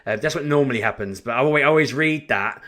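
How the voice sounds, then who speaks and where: A man telling a story in a casual vlog, in an animated, chatty way with frequent restarts. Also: mid-range voice, quick pace. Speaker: vlogger.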